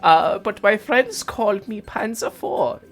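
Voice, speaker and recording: Panzer, a man doing a squeaky German tank girl. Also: very animated, unhurried, faint music behind, heavily acted. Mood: perky.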